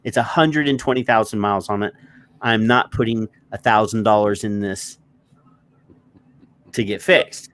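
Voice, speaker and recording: A man's voice: fairly low pitch, normal speed, long pauses. A man telling a story in casual podcast chat, acting out what people said and swearing when annoyed. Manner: animated storyteller, acts out quotes, swears. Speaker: co-host.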